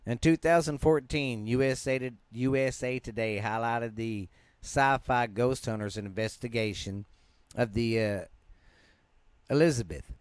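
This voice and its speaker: A man's voice: mid-range voice, fairly even intonation, a little slow, clean tone, dry recording. A man with a Southern US accent, hosting a podcast and casually reading ghost stories aloud, often stumbling and restarting words in a laid-back, yawning way. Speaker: podcast host.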